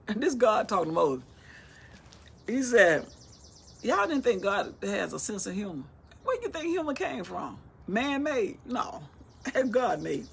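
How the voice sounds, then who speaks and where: Woman, middle-aged, gravelly voice, casual Bible teacher, talkative and folksy. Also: medium pitch, very animated, moderate pace. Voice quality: talkative, folksy, retells scripture in everyday speech. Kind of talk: casual Bible reading and commentary.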